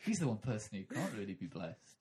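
A man's voice: big pitch swings, a little fast, heavy background noise. A man hosting a comic podcast, rambling and slipping into mock stand-up bits. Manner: rambling, doing mock stand-up routines in a high put-on voice. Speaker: podcast host. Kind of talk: comic improvised podcast chat.

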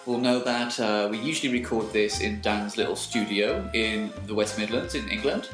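A man's voice: on the low side, moderate pace, over music. A man co-hosting a podcast in casual chat, playful and teasing, laughing often. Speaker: podcast co-host. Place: building in Montreal. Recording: roomy echo.

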